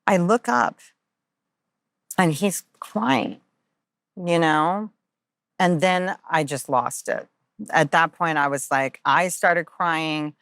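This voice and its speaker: A woman with a low voice speaks earnestly and openly in an interview, often pausing on fillers as she works through a personal story. The sound is dry and close. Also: clean tone, no echo. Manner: earnest, confessional, many fillers. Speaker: guest.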